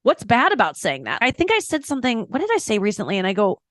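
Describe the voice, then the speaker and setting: A woman stand-up comedian, appearing as a podcast guest, gives a candid interview in a highish voice with wildly swooping pitch, recorded dry at studio quality. She talks frankly, quickly and emphatically, breaking off to correct herself and acting out quotes as she tells stories.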